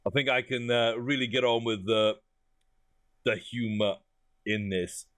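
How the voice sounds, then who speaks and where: A man's voice: medium pitch, steady tone, measured pace, no room sound. Chatty man giving casual game commentary. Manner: chatty, amused, thinks out loud with frequent laughs. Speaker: gaming YouTuber.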